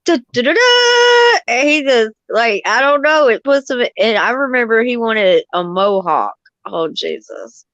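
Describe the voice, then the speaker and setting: A woman's voice: a little high, animated, unhurried, fairly bright tone, dry recording. Mom chatting loose about her kid, dull lo-fi sound, dry. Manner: chatty, loose and laughing with slang. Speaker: parent sharing stories in chat. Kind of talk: casual chat.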